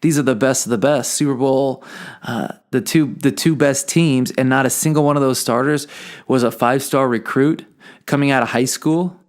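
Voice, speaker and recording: A man's voice: medium pitch, moderate pace. A man hosting a podcast, talking earnestly in a motivational monologue and often repeating words as he thinks. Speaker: podcast host.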